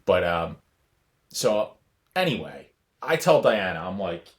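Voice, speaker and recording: A man co-hosting a podcast, chatting casually and telling a halting, rambling story full of restarts. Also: low voice, big pitch swings. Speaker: podcast co-host. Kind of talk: casual chat.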